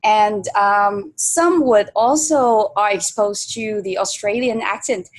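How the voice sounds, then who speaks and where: A woman's voice: mid-range voice, slow pace. Woman hosting a chat in english, thoughtful, lots of ums. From Vietnam. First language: Vietnamese. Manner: thoughtful, uses many fillers. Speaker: host. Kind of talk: interview conversation.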